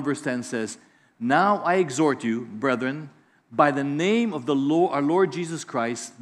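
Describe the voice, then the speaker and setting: Pastor, middle-aged male, high voice, animated preaching with acted-out voices. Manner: lively preacher, acts out voices in anecdotes. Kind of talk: sermon.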